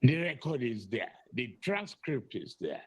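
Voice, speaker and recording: A man in his seventies giving a halting public statement, stopping and repeating words as he goes. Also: medium pitch, sing-song, breathy edge, low-quality recording. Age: 70s. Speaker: politician in an archive clip. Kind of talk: press statement.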